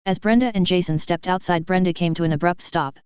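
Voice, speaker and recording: A woman narrating a science-fiction story in a steady, even storytelling read. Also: fairly low pitch, quick pace, smooth, dry recording, muffled recording. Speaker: audiobook narrator.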